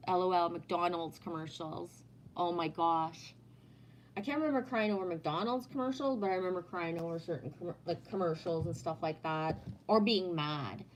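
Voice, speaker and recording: A woman's voice: lowish voice, normal speed, slight background noise. A middle-aged woman chatting casually on a livestream, rambling, swearing freely and trailing off mid-thought. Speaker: livestreamer reading chat.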